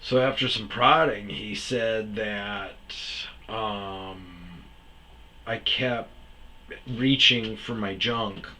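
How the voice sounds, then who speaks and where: A man's voice: lowish voice, very slow, pushed and bright, a little hiss or hum, poor audio. A man casually telling his own story as host, rambling and acting out other people's lines.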